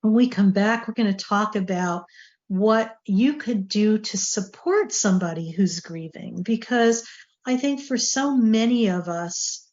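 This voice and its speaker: A woman's voice: mid-range voice, measured pace, darkish tone. Woman host rambling casually, lots of you knows, kinda dull audio. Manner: chatty, rambling, full of fillers. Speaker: show host. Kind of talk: casual talk-show monologue.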